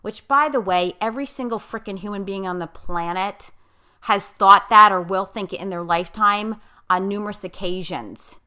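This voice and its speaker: Middle-aged woman podcast host, emphatic life coach, bright smooth voice. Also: medium pitch, moderate pace. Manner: emphatic, blunt, effusive. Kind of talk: casual podcast interview.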